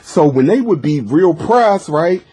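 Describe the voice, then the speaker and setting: A man in casual conversation, telling an animated story and acting out what people said. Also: a little high, unhurried, breathy edge. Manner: animated storyteller, acts out quotes.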